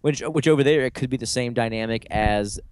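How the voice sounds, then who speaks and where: A man's voice: mid-range voice, a little fast, clear, resonant tone, no echo. A man co-hosting a casual horror-movie podcast, chiming in with joking asides. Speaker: podcast co-host. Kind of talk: casual film discussion.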